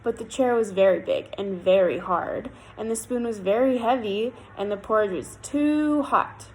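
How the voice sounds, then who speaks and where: A woman storyteller reading a fairy tale aloud in an expressive, lilting way. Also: medium pitch, normal speed, slight background noise, poor audio.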